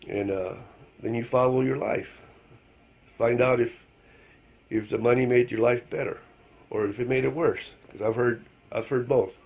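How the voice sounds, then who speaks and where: A man's voice: medium pitch, fairly even intonation, moderate pace, pauses often. A man telling a joke in a casual, rambling monologue, leaning on fillers and chuckling at his own story. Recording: dull lo-fi recording.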